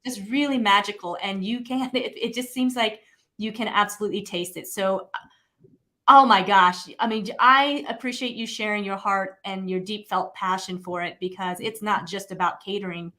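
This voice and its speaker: A woman's voice: medium pitch, steady tone, normal speed, bright, forceful tone. A woman hosting an interview, effusive and full of praise for her guest. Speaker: host.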